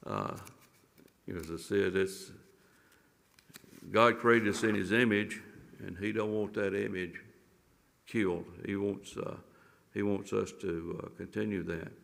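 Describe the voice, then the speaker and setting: A man teaching a Sunday school Bible lesson in a church, reading scripture and explaining it with halting, repeated restarts and fillers. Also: fairly low pitch, steady tone, vocal fry, a bit bright, big-room sound.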